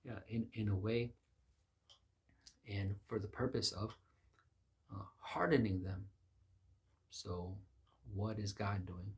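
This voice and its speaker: A man's voice: on the low side, fairly even intonation, slow pace, pauses often, darkish tone. A man preaching an informal sermon, earnest and conversational, thinking aloud as he goes.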